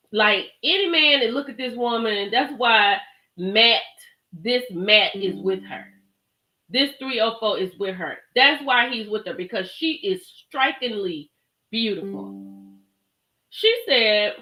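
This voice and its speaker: A woman hosting a casual live stream, talking straight to her chat in an animated way and often laughing and exclaiming. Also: medium pitch, unhurried. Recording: echoey room.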